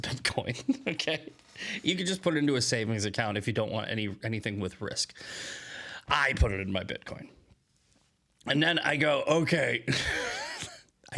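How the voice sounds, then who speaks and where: Blunt rambling man. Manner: rambling, blunt, swings into loud high mocking voices. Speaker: political commentary host. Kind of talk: casual live-stream commentary.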